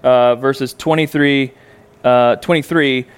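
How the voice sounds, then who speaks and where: A man's voice: mid-range voice, fairly even intonation, takes it slowly, clear, resonant tone. A male preacher giving a conversational sermon in a church, folksy and joking, with lots of ums and uhs.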